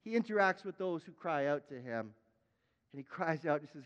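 A man preaching a sermon as a pastor, emphatic, repeating his words and now and then crying out loud. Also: a little high, lively intonation, moderate pace, in a large hall, muffled recording.

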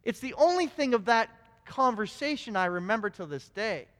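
A man preaching a sermon, telling stories in an animated way with frequent restarts. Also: high voice, normal speed. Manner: storytelling, animated, many restarts. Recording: long hall reverb.

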